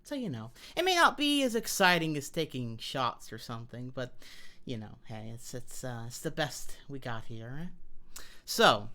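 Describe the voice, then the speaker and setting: American woman streamer, low voice that swoops around a lot, playful chatty vibe. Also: sing-song, moderate pace, sharp tone. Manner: chatty and playful, greeting viewers. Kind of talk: casual live-stream chat. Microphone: wearing headphones.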